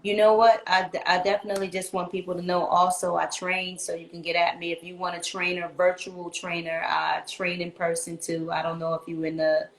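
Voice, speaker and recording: A woman guest talking casually in an interview, animated and slangy, often repeating herself. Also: fairly low pitch, a little fast, few pauses, slight background noise. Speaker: guest singer. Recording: echoey room with faint ambience.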